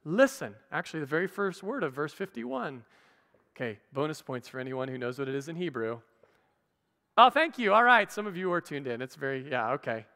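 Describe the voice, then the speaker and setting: A man's voice: a little high, big pitch swings, fairly quick, bright, forceful tone. A man preaching a sermon as pastor, teaching conversationally with playful asides to the congregation. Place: church hall. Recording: church livestream with long reverb.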